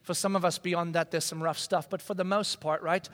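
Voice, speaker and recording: A man preaching a sermon in a conversational, animated way, acting out quoted voices. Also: sits high, fairly quick. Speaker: pastor. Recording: long reverb of a large hall.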